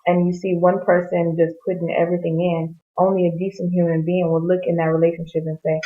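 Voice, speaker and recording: A woman's voice: lowish voice, flat delivery, quick pace, few pauses. A woman giving an earnest, rambling Bible reflection in a casual way, often restarting her sentences. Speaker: Bible devotional speaker. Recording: tinny phone-like lo-fi audio.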